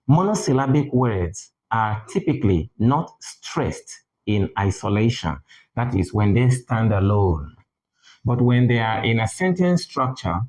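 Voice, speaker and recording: A man teaching English pronunciation in a deliberate manner, repeating key words for emphasis. English is not his first language. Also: medium pitch, a little mellow, poor audio. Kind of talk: spoken lesson.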